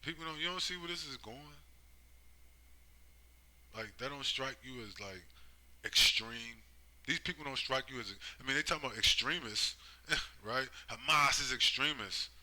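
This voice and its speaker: A commentator delivers a casual, rambling, profane monologue, hammering each point with constant tag questions. His mid-range voice is bright and forceful, lively in intonation at a moderate pace, on a low-quality recording.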